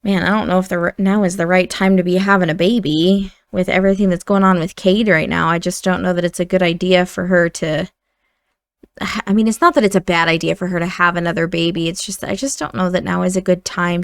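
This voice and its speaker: A woman's voice: lowish voice, fairly even intonation, brisk, vocal fry, dry recording, studio quality. Chatty woman narrating a life-sim game. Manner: chatty, rambling with fillers. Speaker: gaming channel host. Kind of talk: casual let's-play narration.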